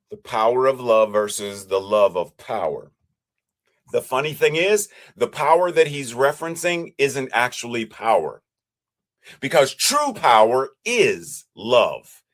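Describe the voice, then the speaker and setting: Slow, measured male preacher. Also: mid-range voice. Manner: measured, repetitive preaching cadence. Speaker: minister. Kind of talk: sermon.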